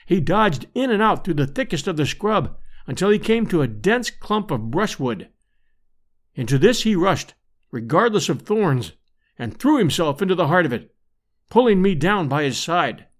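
A man narrating an adventure audiobook in measured, expressive storytelling. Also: high-pitched. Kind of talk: scripted narration.

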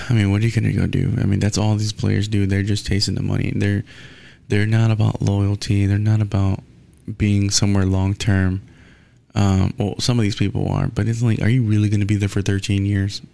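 A man from Houston vents about his teams in an unscripted rant. His voice sits low with a gravelly edge. He talks bluntly and swears often. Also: flat delivery, moderate pace, warm tone, no echo. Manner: blunt, angry, swears a lot. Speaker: sports fan ranting. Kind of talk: casual profane rant.

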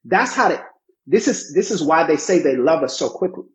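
A man's voice: a little high, lively intonation, moderate pace. A man co-hosting a casual podcast, speaking emphatically and in a preachy way, repeating his points for emphasis. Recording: slightly muffled lo-fi audio.

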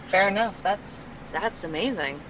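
A man playing in a tabletop game, chiming in with short, lively reactions. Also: high voice, unhurried. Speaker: player. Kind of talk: casual chat at a tabletop game. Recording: noisy background.

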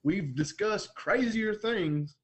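A man's voice: high voice, expressive, slow pace, husky. A man co-hosting a podcast in casual chat, telling jokey, laid-back stories. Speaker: podcast co-host.

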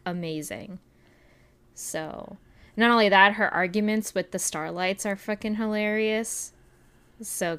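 A woman co-hosting a casual anime podcast, talking deliberately and pausing on fillers. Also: mid-range voice, a bit bright, clean tone. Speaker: podcast co-host. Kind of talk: casual chat.

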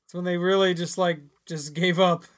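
A man with a fairly high voice co-hosts a podcast in loose, casual banter. He talks haltingly, with frequent fillers and restarts as he works out his point. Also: flat delivery. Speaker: podcast co-host. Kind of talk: casual chat.

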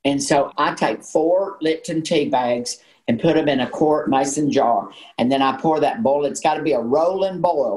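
Low-voiced Southern woman in her sixties. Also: moderate pace, few pauses, darkish tone, echoey room, poor audio. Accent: Southern American. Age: 60s. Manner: folksy storyteller, laughs often. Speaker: guest, actress. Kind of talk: casual chat.

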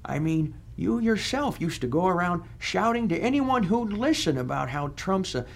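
A man's voice: high voice, big pitch swings, normal speed, creaky, exaggerated voice. A man playing the scornful, taunting ghost of an older male senator in a comedy audio sketch. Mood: scolding. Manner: taunting, sarcastic, scolding.

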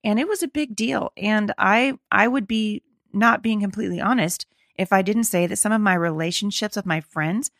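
Hoarse, gravelly woman podcast host. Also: medium pitch, a bit bright, no echo, clean studio sound. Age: middle-aged. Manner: earnest, encouraging, conversational. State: slightly hoarse, losing her voice. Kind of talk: faith-based podcast talk.

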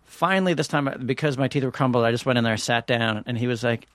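A man's voice: mid-range voice, fast, a bit bright, no echo, clean studio sound. A man co-hosting a podcast, telling a long story in casual chat with lots of restarts. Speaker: podcast co-host. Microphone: studio mic.

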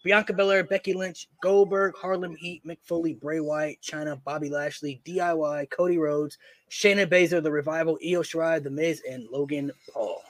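A man's voice: a little high, fairly even intonation, no echo. A man co-hosting a casual group podcast, reading off his team's list and keeping the talk moving, repeating words as he cuts in. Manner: quick, repeats words when cutting in. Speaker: podcast co-host.

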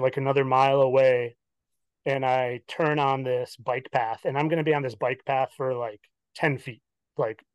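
This young man spins a rambling story in casual chat, slipping into the voices of the people he quotes. His voice sits at an ordinary middle pitch. It is recorded dry, with no room sound around it. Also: no echo. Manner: animated, acts out quoted dialogue, many "like" fillers. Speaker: podcast guest.

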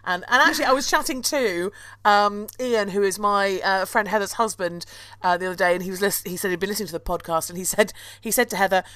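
A woman's voice: medium pitch, fast, a bit bright, no room sound. A woman who hosts a podcast and leads tours, chatting casually and laughing often. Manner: chatty, giggly, cackling. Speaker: podcast host and tour guide.

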